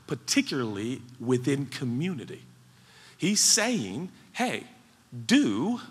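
A man preaching a sermon as pastor, animated and playful, acting out mock voices as he goes. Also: mid-range voice, husky. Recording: large hall with long reverb.

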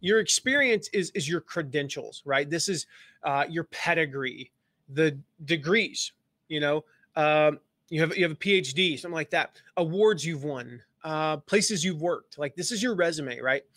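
A man's voice: fairly high pitch, animated, normal speed, fairly bright tone, dry recording, studio quality. Chatty man teaching on a live stream. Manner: chatty, many fillers and restarts. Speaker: marketing coach. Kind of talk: live-streamed lesson, casual talk.

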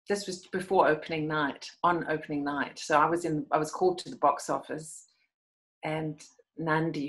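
A woman's voice: low voice, poor audio. A middle-aged woman with a South African accent, telling stories animatedly as an interview guest. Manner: animated storytelling, laughs often. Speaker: guest, actress and cabaret artist. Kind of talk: conversational interview.

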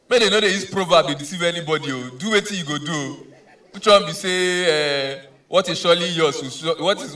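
Nigerian male stand-up, begging-then-ranting delivery, slightly high pitch, distant from mic. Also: sharp tone. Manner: pleading mock threats, switching into Pidgin rants. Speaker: stand-up comedian. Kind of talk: live stand-up comedy.

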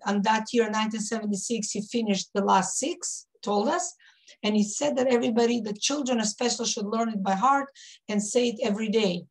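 Higher-voiced woman from Israel reminiscing. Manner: reminiscing, with frequent fillers and restarts. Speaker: rebbetzin leading a women's class. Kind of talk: warm storytelling talk to a women's group.

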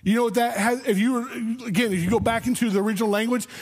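A man's voice: very high-pitched, steady tone, racing, slightly rough. A man pastor preaching a sermon in a conversational way, often restarting his words. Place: church sanctuary.

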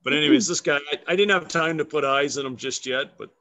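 Bright-voiced chatty man carver. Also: on the high side, fast. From Canada. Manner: chatty and playful, laughing often. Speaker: guest woodcarver. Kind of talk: casual demonstration over a live video chat.

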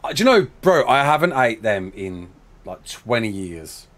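A man's voice: medium pitch, very animated, normal speed. A young man live-streaming a building game, chatting casually, reading out chat messages and talking himself through each step.

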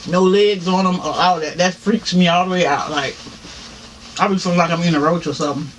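A man's voice: high voice, a little fast, a bit bright, slight background noise. A man with a Southern US accent, chatting casually to viewers while eating on camera, laughing often and saying "y'all". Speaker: mukbang vlogger. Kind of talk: casual eating-show chat.

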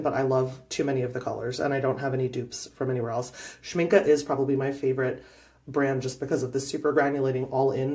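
A woman, a young adult, gushing excitedly in a casual unboxing vlog in her home studio, standing up as she talks. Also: rumbling low. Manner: gushing, excitable, quick bursts of delight. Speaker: art YouTuber.

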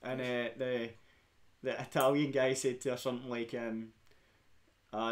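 A man's voice: mid-range voice, level tone, unhurried, long pauses. Rowdy sweary Scottish young man. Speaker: stream host. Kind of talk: casual chat.

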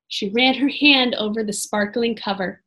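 A woman reading a children's chapter book aloud expressively, pausing to talk to her listeners. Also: on the high side. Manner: expressive, pauses to comment to listeners. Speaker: storybook reader.

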